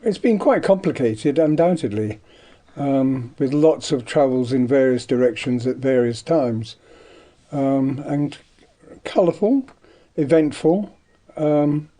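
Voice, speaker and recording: A man's voice: medium pitch, slow, warm tone. An older man from Devon, an artist, reminiscing in a rambling radio interview with many ums. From Devon, England. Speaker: guest, artist. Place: radio studio.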